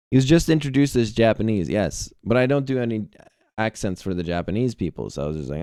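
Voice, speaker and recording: A man's voice: on the low side, lively intonation, fast, mellow. A man streaming a game and chatting casually between lines, joking and swearing freely. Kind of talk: let's-play commentary.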